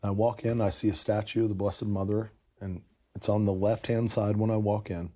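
A man's voice: fairly low pitch, little pitch movement, moderate pace, mellow. A man in casual conversation, earnestly telling a personal story with lots of "you know" asides. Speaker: podcast guest telling his conversion story.

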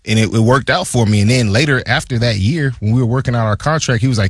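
Husky man in his thirties, low-set and dry, an animated storyteller. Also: fast talker, hardly any pauses, dry recording. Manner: animated storyteller who jumps high when quoting others. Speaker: former player on a talk show. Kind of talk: casual storytelling chat.

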